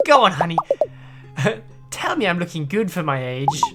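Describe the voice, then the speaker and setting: A woman voicing a chatty elderly female antique shop owner in a put-on British accent, folksy and full of pet names, with loud jazz music behind. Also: on the low side, huge pitch swings, slow pace, voice pushed down, exaggerated voice. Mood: gossipy.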